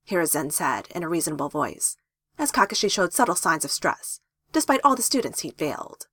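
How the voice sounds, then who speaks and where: A woman narrating a fanfiction story with lively, playful emphasis. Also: lowish voice, moderate pace, no room sound, clean studio sound. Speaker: fanfiction reader.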